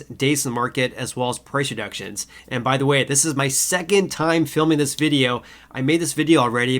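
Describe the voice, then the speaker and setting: A man hosting his own explainer video, his voice nasal and stuffy from a cold. He talks casually at a middling pitch, fills gaps with "uh" and repeats his key points for emphasis. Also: fairly bright tone. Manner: frequent uh fillers, repeats key figures. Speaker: housing market video host. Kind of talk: casual explainer talk to camera.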